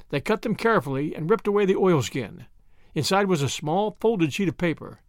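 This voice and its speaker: A male audiobook narrator telling the story in a measured way, his fairly high voice moving with lively rises and falls. The sound is close and dry, with no trace of the room. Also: no echo. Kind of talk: scripted narration.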